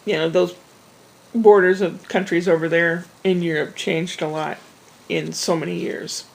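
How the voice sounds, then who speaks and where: A woman with a gravelly, fry-tinged voice talks straight to camera, telling a winding personal story. She wanders into asides and restarts her sentences in a relaxed, conversational way. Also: on the low side, unhurried, slight background noise, low-quality recording. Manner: rambling, chatty, with frequent restarts and asides. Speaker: vlogger. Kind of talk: casual storytelling monologue.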